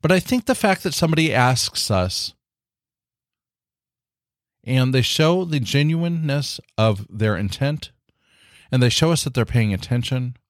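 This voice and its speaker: A man's voice: fairly high pitch, dry recording, clean studio sound. Earnest man hosting a podcast. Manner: earnest, encouraging, many "you know" fillers. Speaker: podcast host. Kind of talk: casual solo podcast talk.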